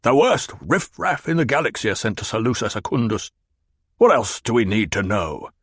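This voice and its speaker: A man's voice: fairly low pitch, very animated, moderate pace, husky, dry recording, studio quality, heavily acted. A man voicing a fat, pompous and petulant old baron who blusters and demands answers. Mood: demanding.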